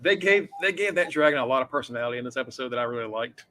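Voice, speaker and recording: A man's voice: medium pitch, expressive, racing, sharp tone. A man co-hosts a podcast in a casual, rambling way, circling back on his words. His voice sits mid-range. A faint hiss stays under the recording. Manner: rambling, with fillers and restarts. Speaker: podcast co-host. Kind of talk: casual chat recapping a TV episode.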